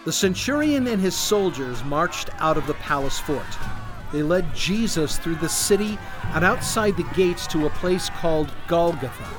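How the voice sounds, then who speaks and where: A man narrating a storybook slowly and expressively. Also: on the high side. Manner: slow, expressive. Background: background music.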